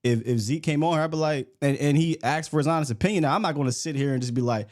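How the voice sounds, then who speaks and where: A man hosting a casual sports talk show, blunt and animated, slangy, sometimes reading names off a list. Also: fairly high pitch, quick pace. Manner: blunt, animated, slangy, reads lists aloud. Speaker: sports podcast host.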